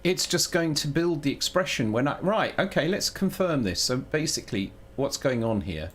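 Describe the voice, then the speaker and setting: A man streaming live while programming, thinking aloud in a halting way that keeps breaking off mid-sentence. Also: on the high side, big pitch swings, fairly bright tone, a little hiss or hum. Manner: halting, self-interrupting, muttering while working.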